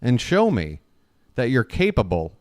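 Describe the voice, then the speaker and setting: Man, mid-pitched, fan play-by-play host, chatty and conversational, close dry sound. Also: wildly swooping pitch, unhurried, dry recording. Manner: chatty, addresses listeners as folks, frequent uh fillers. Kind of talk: live fan play-by-play and commentary.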